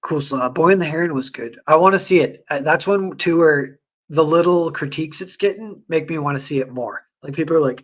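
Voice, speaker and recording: A man's voice: on the high side, fairly quick. Rambling casual man streamer. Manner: rambling, filler-heavy, animated retellings. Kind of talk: casual livestream chat.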